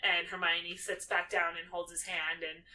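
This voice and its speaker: A woman's voice: fairly low pitch, flat delivery, moderate pace, bright, forceful tone. A young woman co-hosting a podcast, casually recapping a film in a breezy way, swearing now and then and acting out characters. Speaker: podcast co-host. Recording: distant mic, faint background noise.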